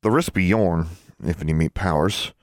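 A man's voice: low-pitched, moderate pace, dry recording, studio quality, close to an everyday voice. A man voicing an earnest, nervous schoolgirl who talks in a rustic, old-fashioned dialect.

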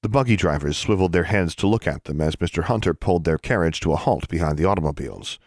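Deep-voiced male audiobook narrator. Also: animated, fast, darkish tone, no echo, studio quality. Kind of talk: scripted narration.

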